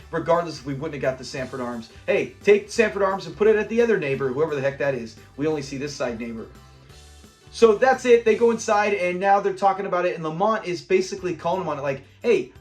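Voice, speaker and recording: A man hosting a casual episode recap, retelling scenes with animation and acting out the characters' lines. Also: high voice. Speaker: show recap host.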